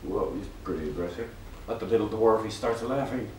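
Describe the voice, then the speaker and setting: A man telling a joke as a lively story, raising his voice for quoted lines. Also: lowish voice, brisk, far from the mic, slight background noise. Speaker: joke teller. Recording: roomy, from off mic, faint ambience.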